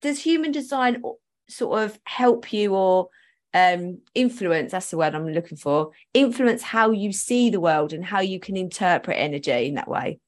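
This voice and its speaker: A woman's voice: mid-range voice, animated, normal speed. A woman hosting a podcast, chatting casually, laughing often and trailing off mid-sentence. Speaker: podcast host.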